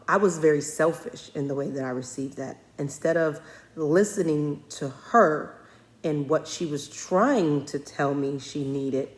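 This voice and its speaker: A middle-aged woman, a former school principal, telling a personal story in a talk, with many fillers and restarts. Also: deep voice. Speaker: speaker.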